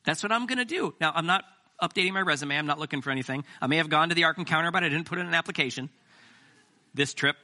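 A man's voice: on the high side, racing, sharp tone. A man preaching a sermon as pastor, talking conversationally with self-deprecating jokes.

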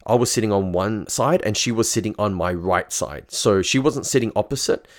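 Man with a low voice, telling a story. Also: moderate pace. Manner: loose, profane, chatty retelling. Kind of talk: casual storytelling.

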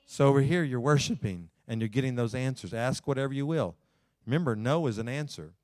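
A man preaching a sermon in church, folksy, climbing loud and then slowing down low to read scripture. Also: expressive, dry recording, studio quality. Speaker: pastor.

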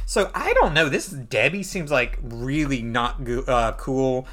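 A man's voice: medium pitch, measured pace, few pauses. A man hosting a podcast who recaps a comic book in a chatty, snarky way. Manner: chatty, snarky, animated retelling. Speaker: podcast host.

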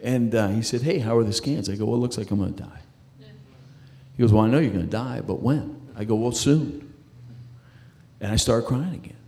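A man's voice: fairly low pitch, vocal fry, mellow. A middle-aged man sharing a personal faith testimony in conversation. He stumbles and repeats words as he talks. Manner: halting, repeats words and restarts while telling his story.

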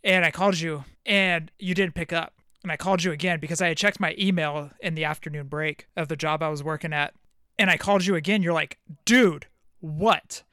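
A man with a bright, slightly high voice telling a personal story to his podcast partner. He is recorded close and dry, with no room sound. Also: steady tone, quick pace, clear, resonant tone, dry recording. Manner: storytelling, recounting a phone call. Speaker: podcast co-host. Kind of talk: casual podcast chat.

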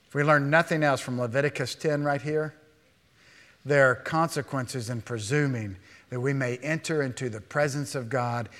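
A man preaching a sermon as a pastor, animated, with rhetorical questions to the congregation and quick asides acting out imagined speakers. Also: fairly high pitch. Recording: long hall reverb.

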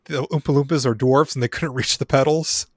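A man's voice: medium pitch, steady tone, fairly quick, no room sound, clean studio sound. A man in a casual movie discussion who reads trivia from his notes, with many fillers and frequent laughs. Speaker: podcast co-host reading trivia notes.

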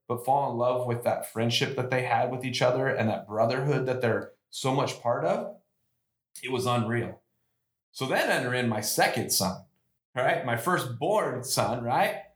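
A middle-aged man tells a personal story on his podcast, earnest and emotional, restarting his sentences and surging upward when he stresses a point. His voice sits at an ordinary male pitch. The room around him rings with a noticeable echo. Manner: earnest, emotional, with frequent restarts and rising bursts of emphasis. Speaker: podcast host and youth football coach. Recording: echoey room.

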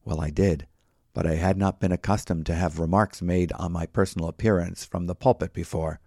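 A man reading a sermon in a measured way, citing chapter and verse as he teaches. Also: sits low, fairly even intonation, dark tone, no echo, studio quality. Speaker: Bible teacher. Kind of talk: read sermon.

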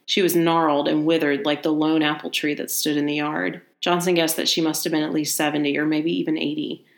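A woman reading a short story aloud in a relaxed manner. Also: deep voice, a little fast, gravelly. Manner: relaxed, laughs easily between passages.

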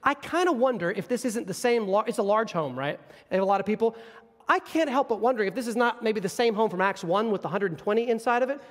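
A man preaching a sermon, teaching from scripture in an animated storytelling manner. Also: sits high, quick pace, long reverb tail. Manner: animated, storytelling, acts out scenes.

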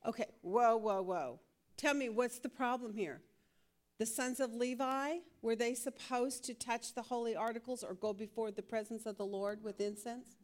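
Woman Bible teacher, higher voice, lively and questioning, laughs readily. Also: normal speed. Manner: lively, laughs often, asks the class questions.

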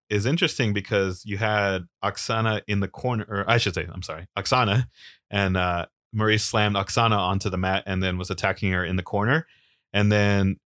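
Relaxed low-voiced man recapping wrestling. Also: no echo, clean studio sound. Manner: easygoing, rambling with fillers, quick laughs. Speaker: podcast co-host. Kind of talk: casual chat and wrestling recap.

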